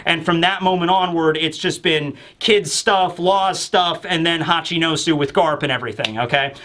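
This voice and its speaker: Excitable man reviewing manga. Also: fairly high pitch, moderate pace. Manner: enthusiastic, rambling, acts out lines. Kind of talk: casual manga review chat.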